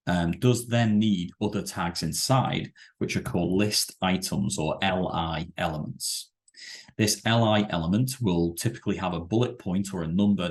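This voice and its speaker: A man teaching a web development lesson over a screen-share, explaining with halting, self-correcting sentences and many fillers. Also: deep voice. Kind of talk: screen-share coding tutorial.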